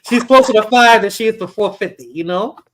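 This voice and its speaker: Woman streamer, casual chatty reaction, mid-pitched. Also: a little fast, slight background noise. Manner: chatty, laughing, conversational. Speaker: livestream host. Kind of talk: casual chat reacting to a clip.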